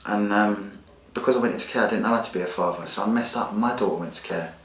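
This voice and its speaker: Deep-voiced man, blunt and emotional. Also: fast talker. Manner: blunt, emotional, street slang, swearing. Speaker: podcast guest. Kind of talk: candid personal storytelling. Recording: echoey room.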